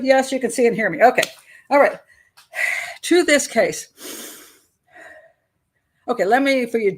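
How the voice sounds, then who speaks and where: A woman's voice: medium pitch, gravelly, husky. An older woman hosting a live stream, chatting casually and rambling with frequent laughs. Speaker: host.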